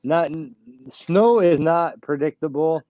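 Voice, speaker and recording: A man with a slightly high voice speaks slowly as host of a casual live-stream chat, recorded lo-fi with no echo. He's blunt, swears freely, and boasts about keeping going on very little sleep.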